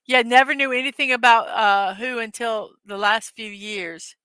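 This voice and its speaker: A chatty woman hosts a casual livestream and talks easily with her viewers, breaking into giggles. Her voice sits a little high and sounds bright and forward. The sound is close and dry, with no room around it. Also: moderate pace, clean tone, no echo. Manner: chatty, giggly, reads viewer comments aloud. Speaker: livestream host. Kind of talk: casual live-stream chat.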